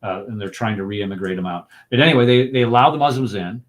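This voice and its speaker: A man in a discussion group, speaking emphatically and stacking rhetorical questions, slowing down to stress his points. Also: on the low side. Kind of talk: impassioned discussion talk.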